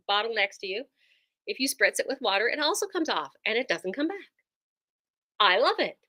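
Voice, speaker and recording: A woman's voice: a little high, sharp tone. A woman who runs a quilt shop, chatting enthusiastically through a casual product demo with lots of ums and likes.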